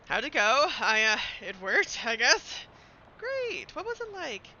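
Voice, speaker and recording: Giggly bright-voiced woman streamer. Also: on the high side, measured pace, dull audio, a little hiss or hum. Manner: giggly and animated, reads narration aloud. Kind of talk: casual game streaming, reading text aloud.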